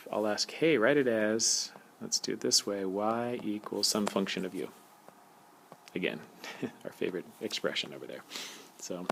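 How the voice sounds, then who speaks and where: A man in a recorded calculus lesson, talking loosely and cracking small jokes as he writes. His voice sits low with a gravelly edge. A faint hiss runs under the screencast audio. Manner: relaxed, jokey, talks while writing. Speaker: math teacher. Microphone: tablet screencast mic.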